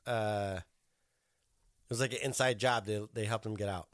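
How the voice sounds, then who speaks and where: A man's voice: lowish voice, unhurried, no echo, studio quality. A man co-hosting a podcast, telling stories in a profane, casual way. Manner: profane, animated storytelling. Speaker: podcast co-host. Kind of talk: casual chat.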